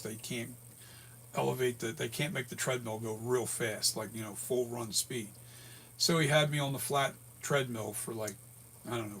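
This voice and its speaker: A man in his sixties, hoarse from a breathing tube, telling a rambling story with many self-corrections in a casual vlog. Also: medium pitch, a bit bright, a little hiss or hum. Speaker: latex mask and prop maker.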